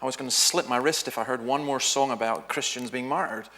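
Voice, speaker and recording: A man's voice: medium pitch, fairly quick. A middle-aged man, a minister, giving a talk in a church, telling anecdotes and acting out what people said. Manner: lively storyteller, acts out quoted voices.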